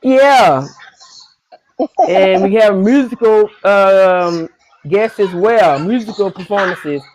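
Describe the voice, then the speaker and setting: A woman's voice: mid-range voice, slow pace. Casual woman hosting a chat show. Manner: relaxed, teasing, colloquial. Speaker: podcast host.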